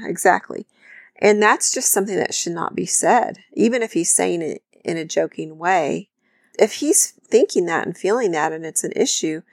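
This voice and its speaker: Low, gravelly-voiced woman giving advice. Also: no room sound, studio quality. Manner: thoughtful, gives practical examples. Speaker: podcast co-host. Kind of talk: instructive marriage talk.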